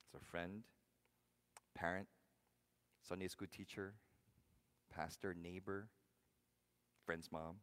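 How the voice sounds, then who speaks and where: A man pastor giving a conversational sermon, asking the congregation questions and swinging between loud, punchy lines and hushed ones. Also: low-pitched, little pitch movement, slow, pauses often. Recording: long hall reverb.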